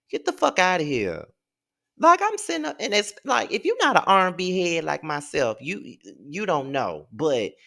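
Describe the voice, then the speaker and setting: A YouTube reviewer rants in a profane, exasperated video review, firing off rhetorical questions. His voice is creaky with a fairly bright tone, and his pitch jumps high.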